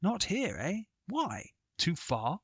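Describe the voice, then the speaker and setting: A man voicing a blustering older gentleman golfer who talks in clipped, jovial, brusque phrases. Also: high-pitched, wildly swooping pitch, slow, slightly rough, dry recording, pitched above the performer's own voice, exaggerated voice. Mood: prodding.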